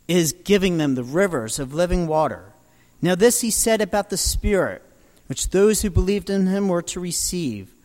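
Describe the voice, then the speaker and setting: A man preaching a sermon, building dramatically from quiet storytelling to loud proclamations. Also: high-pitched, in a large hall.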